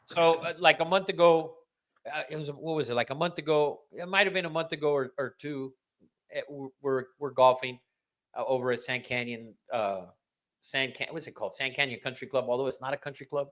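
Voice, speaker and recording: Bright-voiced ranting man. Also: medium pitch, a little fast. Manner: ranting, profane, rambling with restarts. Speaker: podcast host. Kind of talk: casual podcast chat.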